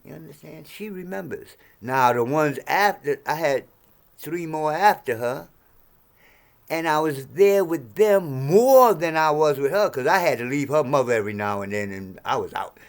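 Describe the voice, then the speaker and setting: A man in his sixties ranting to camera in a profane, heated monologue, swinging between low mutters and sudden shouts. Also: animated, moderate pace, vocal fry. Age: 60s. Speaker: vlogger.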